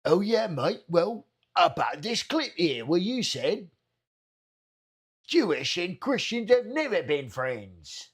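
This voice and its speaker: A man's voice: sits high, very animated, takes it slowly, husky, full character voice. A man putting on a mocking, exaggerated British accent as a smug, blustering man. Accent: put-on British. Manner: exaggerated sneering caricature.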